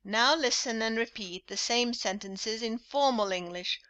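A woman teaching an English podcast lesson, reading drill sentences slowly and deliberately for listeners to repeat. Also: on the high side, sharp tone.

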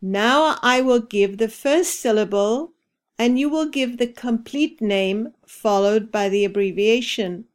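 A woman hosting an English-learning podcast, reading a scripted repeat-after-me drill with careful, deliberate enunciation. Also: fairly high pitch. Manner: slow, carefully enunciated repetition. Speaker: ESL podcast teacher.

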